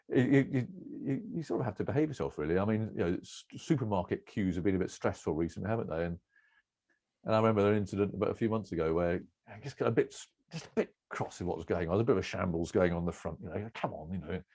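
Rambling middle-aged man, low voice. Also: darkish tone. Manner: rambling, self-deprecating, frequent restarts and laughs. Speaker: cricket broadcaster, interview guest. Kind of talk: relaxed anecdotal storytelling.

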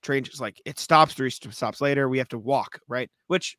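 A man co-hosting a casual sports podcast, telling animated stories with plenty of swearing and laughter. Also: medium pitch, moderate pace, dry recording. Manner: animated storytelling, swears freely, laughs often. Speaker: podcast co-host. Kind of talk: casual chat.

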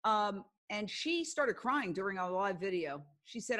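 Her mid-range voice is expressive, a bit bright, and slightly slow as this older broadcast journalist, a podcast guest, talks casually. Earnest in her storytelling, she performs the quoted speech of the people involved.

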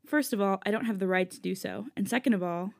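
A woman's voice: medium pitch, fast talker, gravelly, darkish tone, lightly acted. A woman voicing a tearful young man who pleads with his partner in a fanfiction reading. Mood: pleading. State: choked up.

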